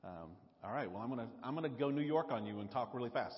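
A man's voice: mid-range voice, lively intonation, fast talker. A man with a Southern drawl preaches in a loose, conversational way, stopping and restarting his thoughts. His voice carries a long echo through a church hall, and the live recording sounds a little muffled. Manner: casual, chatty, self-interrupting. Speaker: pastor. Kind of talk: sermon. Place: church sanctuary.

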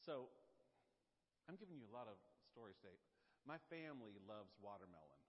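A middle-aged male pastor preaching a sermon, telling self-mocking stories in an animated way. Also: fairly low pitch, a little fast. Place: church sanctuary. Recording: dull sound in a reverberant hall.

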